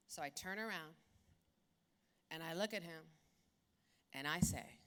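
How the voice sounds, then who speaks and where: Woman, 40s, keynote storyteller, bright forceful tone, punchy and profane. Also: fairly low pitch, moderate pace, pauses often, clear, resonant tone. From South Philadelphia. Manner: animated, blunt and profane. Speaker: keynote speaker.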